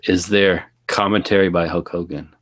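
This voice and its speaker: A man with a low, deep voice joins a casual movie review chat. He makes dry jokes and laughs often at his co-host's riffs. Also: fairly even intonation, normal speed, fairly bright tone. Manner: laughing, wry, joking. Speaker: podcast co-host.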